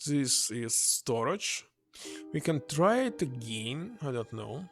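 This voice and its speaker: A man streaming a game, reading its text aloud and thinking out loud in hesitant English, which is not his first language. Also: mid-range voice, big pitch swings, slow, faint music behind.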